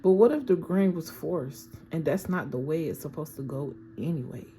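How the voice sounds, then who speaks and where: A woman's voice: deep voice, normal speed, dark tone, a little hiss or hum, poor audio. A woman giving a casual, affirming tarot reading and often checking in with "okay?". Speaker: tarot reader.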